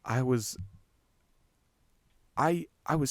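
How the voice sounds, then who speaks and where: Slow, deliberate male horror narrator. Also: mid-range voice, no room sound, clean studio sound.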